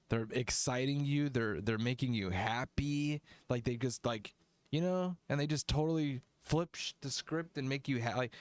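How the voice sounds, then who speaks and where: A man's voice: mid-range voice, no room sound. A man hosting a music review livestream, rambling casually between songs, swearing freely and laughing often.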